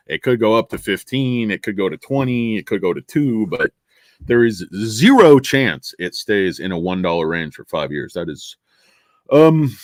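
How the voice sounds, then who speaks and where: Profane, ranting livestream host, very lively pitch. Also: male voice, no echo, clean studio sound. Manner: ranting, profane, swings from loud to mumbling. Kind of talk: casual livestream chat reading viewer comments.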